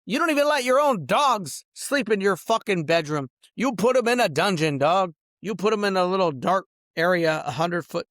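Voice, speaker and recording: A middle-aged man rants angrily in a rambling vlog, swearing and ending sentences with "bro" and "dog." His voice is a little high and fairly bright, recorded at studio quality with no echo.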